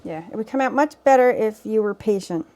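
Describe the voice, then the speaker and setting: A woman cooking vlogger chats off camera in her home kitchen, offering casual, off-the-cuff commentary, teasing herself and talking while she tastes. Her fairly high, mellow voice is animated and fairly quick. The camera mic picks up slight background noise.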